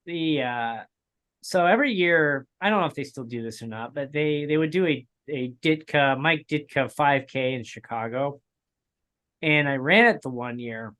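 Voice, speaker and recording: A man's voice: a little high, moderate pace, a bit bright. A man co-hosting a casual racing podcast, telling long rambling stories with frequent chuckles. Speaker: podcast co-host. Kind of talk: casual chat.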